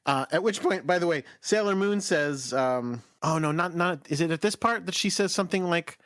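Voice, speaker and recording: Recapping an episode in loose, rambling conversation, this male podcast co-host keeps correcting himself. His voice is a little high and fairly bright, his pace moderate, and the studio recording is clean with no room sound.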